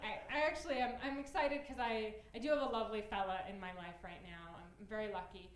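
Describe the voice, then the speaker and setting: A woman in her late twenties performing a stand-up comedy set, self-deprecating and given to loud excited bursts. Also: medium pitch, fast, a little hiss or hum. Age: late 20s. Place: comedy club stage before a live audience. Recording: roomy club sound, audience laughter.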